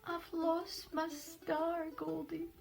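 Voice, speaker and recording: A young boy speaks softly and tearfully in a Scottish voice, as a woman puts it on for a storybook. His pitch is high and lively. The pace is slow. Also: creaky, soft background music, exaggerated voice. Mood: earnest. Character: sad young boy who lost his magic star.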